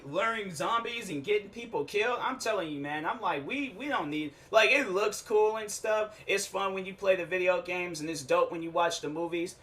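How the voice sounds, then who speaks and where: A man hosting his own show, telling a rambling, animated comic story in slangy, casual talk with frequent restarts. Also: fairly high pitch. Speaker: show host. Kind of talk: casual comedic monologue.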